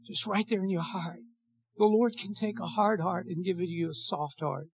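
A man's voice: high voice, moderate pace, breathy edge, no echo, studio quality. A male pastor preaching a sermon and leading a prayer, earnest and pleading, often repeating his words.

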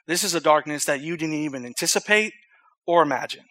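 A man preaching an evening sermon, telling a story in an earnest, conversational way and reading scripture aloud with loud emphasis. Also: on the high side, a little fast.

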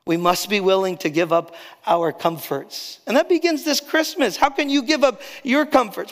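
A male pastor preaching a sermon, rising on key phrases and dropping soft and slow to drive points home. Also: high voice, big-room sound.

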